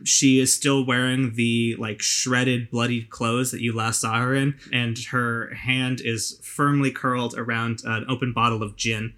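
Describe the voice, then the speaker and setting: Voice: mid-range voice, little pitch movement, a little slow, few pauses, a bit bright. Casual game master narrating a tabletop game. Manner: casual, loose, lots of "like" and "uh".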